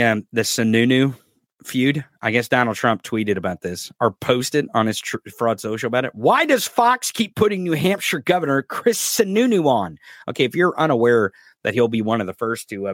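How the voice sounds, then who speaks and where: A man's voice: mid-range voice, normal speed, dry recording, clean studio sound. Ranting, profane male podcast host. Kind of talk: political commentary podcast.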